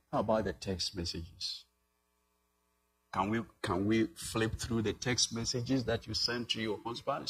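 Male pastor, unhurried sermon delivery, emphatic swells, rhetorical questions. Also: medium pitch, fairly bright tone, a little hiss or hum, poor audio.

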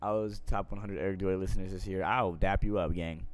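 This low-pitched young man answers viewer questions live in a steady tone and at a quick clip. His talk is casual, slangy and full of swearing, veering from mumbled asides to loud bursts.

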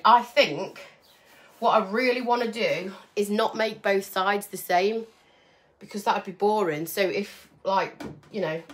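A woman chatting casually to viewers while she paints furniture, rambling and friendly. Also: mid-range voice. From English Midlands, near Birmingham.

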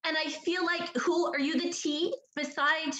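A woman's voice: high-pitched, little pitch movement, measured pace, a bit bright, roomy sound, rough recording. A woman from British Columbia, giving a chatty psychic reading over a video call, full of "like" and "do you understand that?". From British Columbia, Canada. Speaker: psychic medium.

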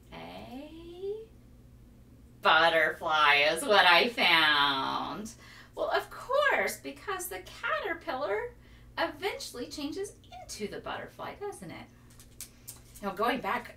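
A woman leading a children's library storytime, talking in an animated sing-song way and imitating animal sounds for the kids. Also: medium pitch, slight background noise.

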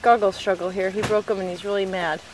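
A woman's voice: medium pitch, flat delivery, fast. A woman filming her toddler outdoors by a pool, chatting to him in sing-song baby talk on a home video.

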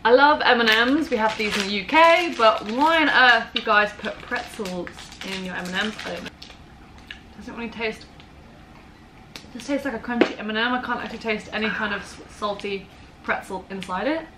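A young woman with an English accent chats casually through a taste test, teasing and laughing easily. Her voice sits a touch high. The recording is noisy, with clear hiss behind her. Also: moderate pace. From England. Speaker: vlogger.

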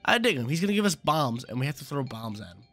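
A man's voice: on the high side, big pitch swings, fast talker, fairly bright tone, soft background music. A young man casually commentating his gameplay as a channel host, laid-back and slangy, often repeating himself.

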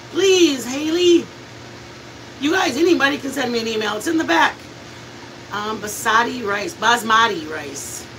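A woman's voice: a little high, recorded from a distance, background noise. Chatty woman telling stories while cooking. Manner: chatty, laughing, animated storyteller. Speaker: cooking channel host. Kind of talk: casual storytelling while cooking on a live stream.

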